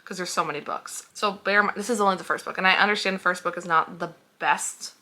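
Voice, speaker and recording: A woman's voice: lowish voice, steady tone, quick pace, sharp tone. A young woman reviewing books in a casual vlog, heated and sarcastic, swearing freely as she reacts. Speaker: book reviewer.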